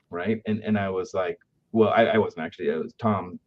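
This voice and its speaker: A man with a lowish voice tells business anecdotes in an easy, conversational way and often tags his points with a quick "right?". The audio is dull and lo-fi. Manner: anecdotal, keeps asking "right?". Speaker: aftercare company speaker.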